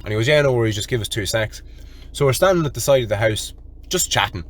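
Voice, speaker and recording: An Irish man hosting a solo podcast, telling a story in an animated, profane way and calling his listeners lads. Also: mid-range voice, quick pace. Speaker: podcast host.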